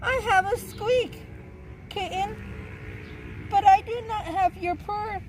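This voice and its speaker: A woman doing a timid, squeaky little mouse. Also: slow pace, a little mellow, slight background noise, rough recording. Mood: nervous. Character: small nervous mouse.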